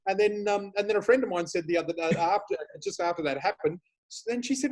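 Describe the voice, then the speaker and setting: A man with an Australian accent, a guest chatting casually, telling lively stories and laughing often. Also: sits high, fast talker, few pauses. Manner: animated storyteller, laughs often, swears casually. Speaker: guest, flower reader. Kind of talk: casual chat.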